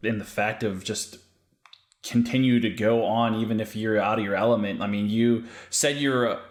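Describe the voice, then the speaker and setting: A man's voice: fairly low pitch, steady tone, moderate pace, echoey room. A man hosting a podcast, asking questions and reflecting in an easygoing casual chat. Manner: easygoing, reflective, uses "you know". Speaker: podcast host.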